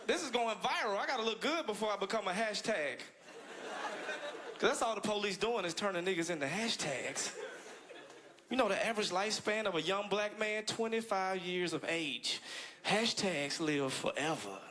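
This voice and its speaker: A man from the United States doing a stand-up set, animated, jumping into high-pitched act-outs and laughing through his lines. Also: moderate pace. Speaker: stand-up comedian. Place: comedy club stage with live audience. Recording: loud crowd laughter in club.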